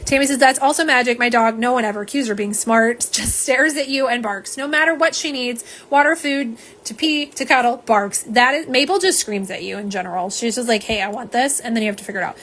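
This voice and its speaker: A woman's voice: fairly high pitch, brisk, few pauses, fairly bright tone. A woman chatting through a live nail polish swatch stream at home, rambling and reading out viewer comments. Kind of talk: live unboxing chat.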